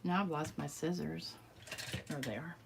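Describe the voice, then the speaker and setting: A woman chatting casually to herself while crafting, a little hoarse as she loses her voice, muttering and self-deprecating. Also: sits low, moderate pace, background noise. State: losing her voice. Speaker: crafting vlogger.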